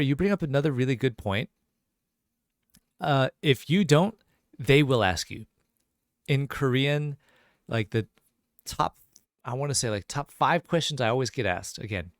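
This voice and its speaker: A man's voice: medium pitch, no room sound, clean studio sound. Chatty man teaching on a live stream. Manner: casual, chatty, reads chat questions aloud. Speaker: Korean language teacher. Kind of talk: live-streamed language lesson.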